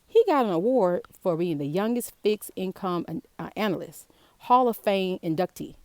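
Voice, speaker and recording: A personal finance vlogger from Chicago's South Side reads and comments outdoors in the heat, her Chicago accent casual and slangy as she often exclaims in disbelief. Her fairly low voice is warm and expressive at a moderate pace, on a dry recording.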